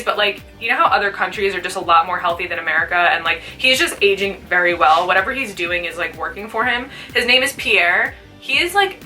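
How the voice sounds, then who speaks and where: A woman's voice: medium pitch, pushed and bright, far from the mic. A young woman chatting casually while doing a makeup tutorial, peppering her talk with "like". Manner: chatty, fills speech with "like". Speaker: beauty vlogger.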